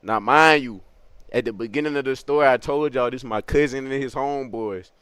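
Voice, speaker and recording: A man's voice: mid-range voice, brisk, fairly bright tone. Rambling, slangy male storyteller. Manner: slangy, rambling, laughs at his own story. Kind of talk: casual comedic storytelling.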